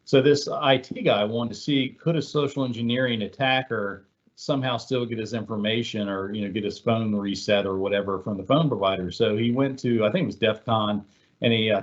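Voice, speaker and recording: A man's voice: fairly low pitch, fairly even intonation, brisk, dull audio. A man giving a webinar presentation in a casual, conversational way, telling examples with many fillers. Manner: conversational, filler-heavy, storytelling.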